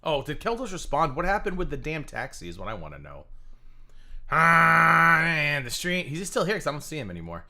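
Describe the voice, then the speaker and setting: Animated, bright-voiced ranting man. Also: on the high side. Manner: profane, rapid and sarcastic. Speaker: livestream host. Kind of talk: ranting livestream commentary.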